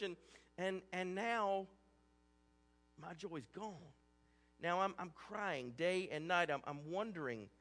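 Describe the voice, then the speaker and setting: A man's voice: on the high side, a bit bright, big-room sound. A man preaching a sermon as a pastor, earnest and conversational, often restarting his words.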